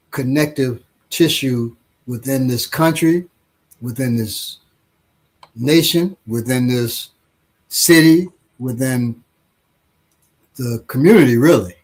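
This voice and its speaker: A man, an author, answering interview questions slowly and thoughtfully, often repeating words as he thinks, with a husky voice. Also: medium pitch, darkish tone. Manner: acts out quoted voices in playful anecdotes.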